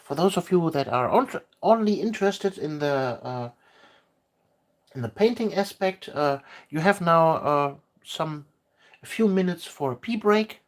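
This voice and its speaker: A woman chatting casually on a livestream while painting miniatures, hesitant and full of filler pauses. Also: low voice, animated.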